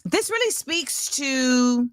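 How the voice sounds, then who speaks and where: A woman hosting a casual commentary show, animated and chatty with lots of fillers. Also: high voice, takes it slowly, smooth, no echo, studio quality. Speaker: show host.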